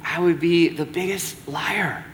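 A young man preaching as pastor in a casual, conversational sermon, with animated asides and frequent "right?" checks to the congregation. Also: fairly high pitch, unhurried, a little hiss or hum.

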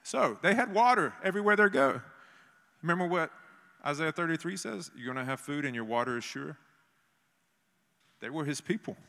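A man preaching a sermon in an animated way, acting out voices from scripture. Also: fairly high pitch, normal speed, creaky, pauses often. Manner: animated, acts out biblical voices. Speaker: pastor. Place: church meeting in a gym. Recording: long hall reverb.

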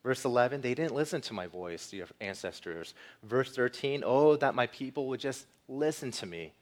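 A male pastor delivering a sermon with earnest emphasis, easing into a quiet closing prayer. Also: medium pitch, animated, normal speed. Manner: earnest preaching, rising for emphasis, softening into prayer.

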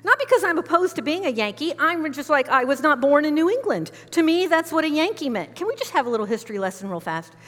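A woman's voice: high-pitched, sing-song, fast talker, few pauses, fairly bright tone, long reverb tail. A woman from the United States preaching a sermon as a pastor, conversational and emphatic, with frequent asides to her listeners.

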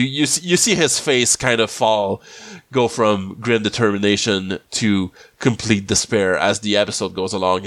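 Lowish-voiced man with a cold. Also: vocal fry, a bit bright, no echo. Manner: rambling, halting, many restarts. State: slightly sick with a cold. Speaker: podcast host. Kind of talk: casual episode recap.

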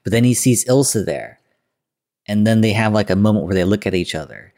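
A man's voice: on the low side, animated, a little fast, mellow. A man hosting a podcast, loosely retelling a classic film with lots of filler words and quoted lines. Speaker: podcast host. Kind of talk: casual film recap.

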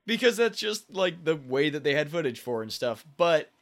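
A man's voice: fairly high pitch, sing-song, moderate pace. A man co-hosting a podcast, chatting casually about a kids' show episode, rambling with restarts and fillers. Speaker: podcast co-host. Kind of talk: casual chat.

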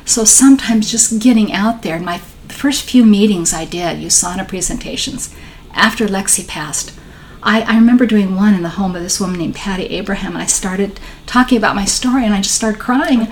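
A woman's voice: medium pitch, brisk, slight background noise. A woman, a podcast guest telling her story in a rambling, heartfelt way. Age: 60s. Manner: warm, emotional, rambling storyteller. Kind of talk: conversational interview.

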